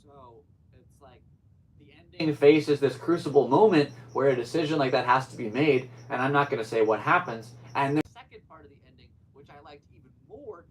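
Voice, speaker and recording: A man's voice: mid-range voice, lively intonation, brisk, rough recording. A man hosting his own podcast alone, talking in a rambling, easygoing way with upbeat sign-offs. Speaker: podcast host. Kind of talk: casual solo podcast chat.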